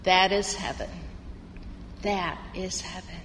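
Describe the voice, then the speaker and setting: Gentle God voice from a woman preacher: low, hushed, unhurried. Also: flat delivery, in a large hall, slight background noise.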